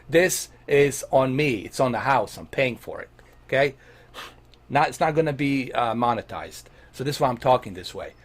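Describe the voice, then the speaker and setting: Blunt, animated man ranting casually. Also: a little high. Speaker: host answering viewer questions. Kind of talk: casual Q&A on tech and games.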